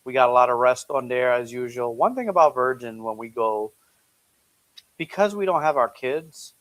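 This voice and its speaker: A man co-hosting a casual live stream from a couch at home, talking in a relaxed way and joking dryly. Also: mid-range voice, moderate pace, no echo, rough recording. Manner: relaxed, easygoing, jokes dryly. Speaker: co-host.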